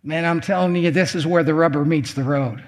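A man's voice: fairly high pitch, fairly quick. A male preacher telling a story in a sermon, emphatic and repeating phrases for effect.

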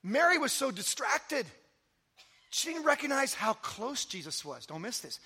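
A man preaching a sermon as pastor, telling stories with energy and then dropping to soft, intimate emphasis. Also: high-pitched, lively intonation, measured pace, pauses often, slightly rough. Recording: long hall reverb.

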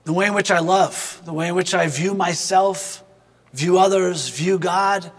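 High-voiced man in a reverberant space. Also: measured pace. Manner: earnest, reflective, addresses the listener directly. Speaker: speaker giving a devotional reflection. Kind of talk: personal storytelling reflection.

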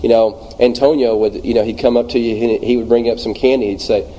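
Mellow-voiced Louisiana man teaching Bible study. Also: mid-range voice, fairly even intonation, low-quality recording. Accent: Louisiana Southern US. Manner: halting, many fillers and restarts. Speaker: church minister leading a Bible study.

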